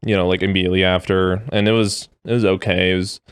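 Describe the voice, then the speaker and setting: A young adult man as a podcast guest, talking in a deadpan way with dry humor. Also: low-pitched, quick pace, smooth, no room sound. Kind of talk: casual podcast interview.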